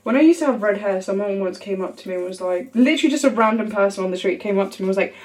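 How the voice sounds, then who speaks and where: A woman's voice: medium pitch, animated, racing, a little mellow. A young woman from England talks straight to her camera in a loose, chatty vlog style. She rambles and laughs at herself, and drops the odd casual swear word. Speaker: vlogger.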